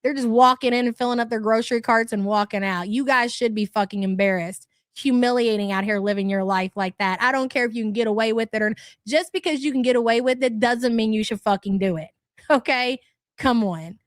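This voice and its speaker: A woman's voice: fairly high pitch, brisk, no room sound. Blunt, swearing woman ranting, dry close mic. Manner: blunt, profane, exasperated ranting; laughs often. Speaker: livestream host reading chat. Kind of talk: casual livestream rant.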